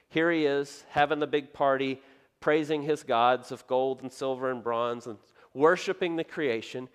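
A man, a pastor, preaching a sermon and telling the story in a lively way, acting out the voices he quotes. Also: medium pitch, clear, resonant tone.

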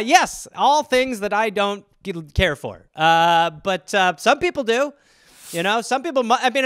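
A man with a high, bright voice hosts a solo comedy podcast, rambling casually and swearing freely. His tone is smooth and clear, recorded close with a completely dry sound. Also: no echo. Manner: profane, rambling, conversational. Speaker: podcast host.

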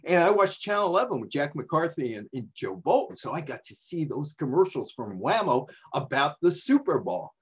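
A man's voice: on the high side, big pitch swings, moderate pace, few pauses, husky. A man in his seventies from the New York area, a journalist telling sports history in a chatty, digressive way. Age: 70s. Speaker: sports journalist giving a talk. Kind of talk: casual storytelling talk.

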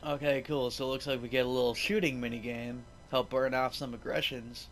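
A young man riffing over a game he plays, sarcastic and freely cursing as he mocks the characters. His voice sits at an ordinary middle pitch, with faint game music under him. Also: little pitch movement, brisk, fairly bright tone, rough recording. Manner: sarcastic, profane. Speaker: let's play host. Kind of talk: gameplay commentary.

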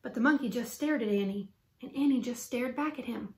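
A woman teacher reading a children's book aloud with lively, expressive storytelling. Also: a little high, a little fast. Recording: roomy echo.

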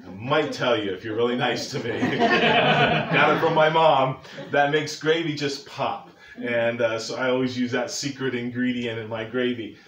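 A man's voice: mid-range voice, moderate pace, hardly any pauses, a bit bright. An older man preaching a sermon as pastor, folksy and earnest, with joking asides to the congregation. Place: church sanctuary. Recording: echoey church from far off.

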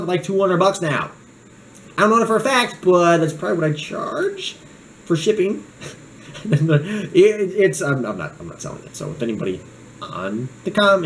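Goofy, animated young man rambling. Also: sits high, slight background noise, rough recording. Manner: goofy, joking, drifts off on tangents. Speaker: knife reviewer. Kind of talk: casual rambling vlog.

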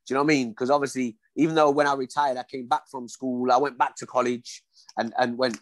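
A man's voice: mid-range voice, fast talker, dry recording. A man, a former boxer telling stories in a casual interview, acting out the dialogue as he goes. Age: 40s. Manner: animated storyteller, acts out dialogue.

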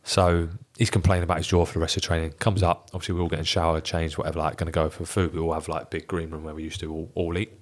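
Deep, fast-talking husky man. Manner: animated storyteller, swears freely. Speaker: podcast guest, former footballer. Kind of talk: casual podcast anecdote.

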